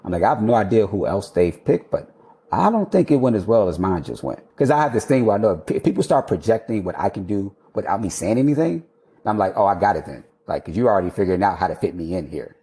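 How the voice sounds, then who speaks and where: A man in his thirties, an architect guest telling stories in a casual interview, animated, laughing and swearing freely. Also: on the low side, fast.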